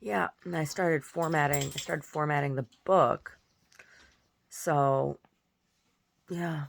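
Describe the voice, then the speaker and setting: A woman, a painter and poet, chatting casually and at length, rambling softly with many restarts. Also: sits low, slow, gravelly. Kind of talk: casual monologue.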